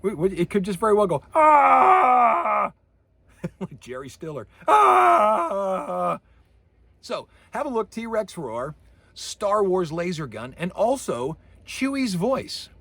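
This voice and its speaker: A man giving a recorded university lecture, animated, acting out sound effects with his voice. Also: high-pitched, normal speed, slightly rough, no echo.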